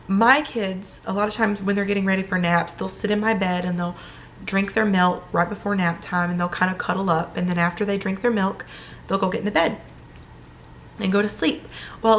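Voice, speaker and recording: A woman's voice: mid-range voice, slight background noise. A young woman chatting in a casual vlog, telling a personal story with lots of fillers. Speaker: vlogger.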